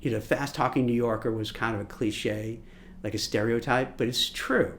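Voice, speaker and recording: A man from Brooklyn, a recruiter, giving a lively coaching lesson on job interviews, often repeating words and acting out what people say. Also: mid-range voice, moderate pace, slight background noise. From Brooklyn, New York. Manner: animated, repeats words, acts out quotes. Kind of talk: coaching masterclass talk.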